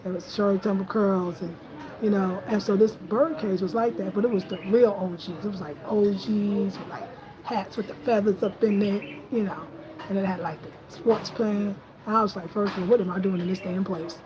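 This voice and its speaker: A woman, telling stories in a casual, animated, slangy way and acting out quotes in a higher voice. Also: normal speed, noisy background. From Brooklyn, New York. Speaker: host. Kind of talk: casual storytelling chat.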